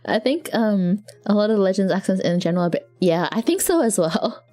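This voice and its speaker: A woman's voice: mid-range voice, lively intonation, a little fast, dark tone, faint music behind. A young Australian woman chatting casually on a live stream, rambling with frequent laughs and restarts. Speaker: vtuber streamer.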